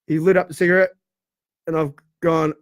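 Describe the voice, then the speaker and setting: A man's voice: fairly high pitch, level tone, a little fast, no echo. A man, a drummer guest, telling stories in a rambling casual way with lots of restarts. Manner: rambling storyteller, many fillers and restarts. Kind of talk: casual interview chat.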